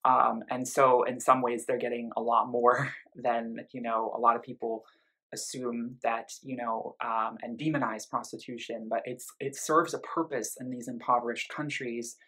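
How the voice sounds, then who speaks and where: Bright-voiced man reviewing an album. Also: medium pitch, flat delivery, moderate pace, slightly rough, low-quality recording. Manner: talks in loose bursts with many "um" and "you know" asides, engaged and explanatory. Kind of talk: casual spoken album review.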